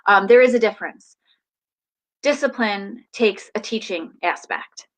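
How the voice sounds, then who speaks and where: A woman hosting a live parenting advice talk, animated and emphatic as she speaks straight to viewers. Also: mid-range voice, measured pace, rough recording. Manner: animated, emphatic, acts out family dialogue.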